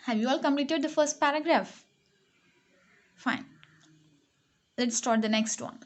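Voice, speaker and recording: Slow, deliberate woman teaching grammar. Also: fairly high pitch. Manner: slow, deliberate dictation, spelling words letter by letter; repeats key words and checks with "okay?". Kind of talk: online grammar lesson for young pupils.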